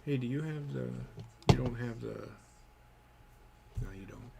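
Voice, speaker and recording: A man's voice: medium pitch, a little slow, gravelly, very noisy. A man co-hosting a casual sports podcast, ranting bluntly and cursing heavily. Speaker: podcast co-host.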